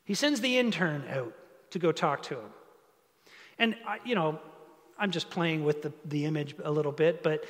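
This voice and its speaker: A man's voice: on the high side, moderate pace, in a large hall. A man preaching a sermon in a conversational, storytelling way. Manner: conversational, animated storytelling with asides. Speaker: pastor.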